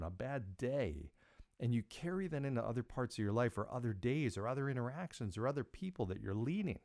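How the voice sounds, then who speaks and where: A middle-aged man hosting a podcast, telling a personal story in a casual, animated way and quoting himself with big jumps in pitch. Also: dry recording, studio quality. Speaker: podcast host.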